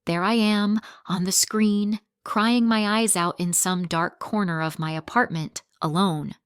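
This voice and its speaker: A woman narrating a dark first-person story in a tense, dramatic way. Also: mid-range voice, steady tone, unhurried, smooth, no room sound, clean studio sound.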